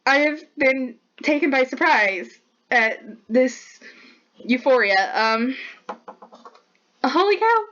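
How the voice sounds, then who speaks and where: A woman with a somewhat high voice talks casually about her artwork, bubbly and chatty, leaning on easy fillers. The recording is muffled and lo-fi. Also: takes it slowly, fairly bright tone. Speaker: artist showing her sketchbook. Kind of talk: casual narration while drawing.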